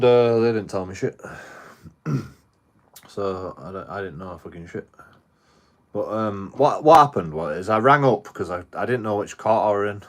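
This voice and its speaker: A man with a fairly low voice, rambling through a story on a livestream. He swears constantly and restarts his sentences as he goes, in an easy, offhand way. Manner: rambling, heavily profane storytelling with frequent restarts. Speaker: live streamer. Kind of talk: casual livestream chat.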